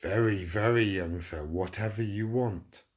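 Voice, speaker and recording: A man's voice: on the low side, a little slow, natural voice. A man voicing a pushy male street dealer who fawns politely and keeps saying sir. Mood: sly. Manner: fawning, repeats "sir".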